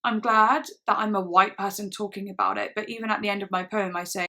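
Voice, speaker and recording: A woman's voice: mid-range voice, steady tone, fast talker, vocal fry, hardly any pauses, sharp tone. A young woman vlogging to camera in a casual, earnest way, rambling with lots of "like" and restarts. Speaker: YouTube reaction vlogger.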